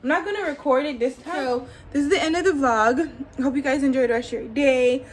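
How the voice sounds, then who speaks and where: A woman's voice: high voice, brisk, slight background noise. A woman vlogger with a New York accent telling a long childhood story in a rambling, casual way, full of "like" and "um". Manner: rambling, filler-heavy, lots of "like".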